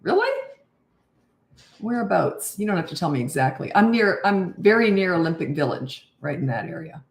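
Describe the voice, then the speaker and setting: An older woman hosts a casual livestream, chatting loosely and greeting viewers as their comments come in. Her voice sits a little low for a woman, and the room around her adds a clear echo. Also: big pitch swings, normal speed. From Canada. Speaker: parenting coach hosting a livestream.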